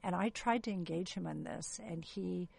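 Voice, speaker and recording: A woman's voice: fairly low pitch, normal speed, vocal fry, darkish tone, slightly rough. A woman gynecologist explaining earnestly as a guest in an interview.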